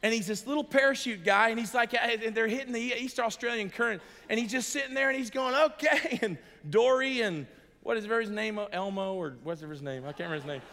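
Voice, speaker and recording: A fairly high-voiced American preacher, middle-aged, delivering an earnest sermon to a gathered crowd. He shifts from quiet, intimate lines to emphatic bursts and laughs through his storytelling. His voice rings out with a long reverb from the big hall. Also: fairly quick. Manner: earnest, emphatic, swings between soft and loud, chuckles as he tells stories. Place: large hall before an audience.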